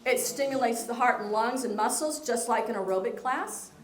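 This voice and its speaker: A woman's voice: fairly high pitch, moderate pace. A woman fitness instructor speaking playfully at a seminar, laughing often and leading the room. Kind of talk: lively seminar talk. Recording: roomy hall with audience.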